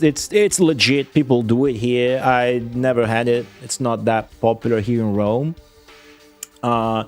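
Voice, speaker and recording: A man chatting on a livestream, blunt and profane, swearing freely as he rants. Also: mid-range voice. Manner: profane, blunt, excitable ranting. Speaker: streamer. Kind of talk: casual livestream chat.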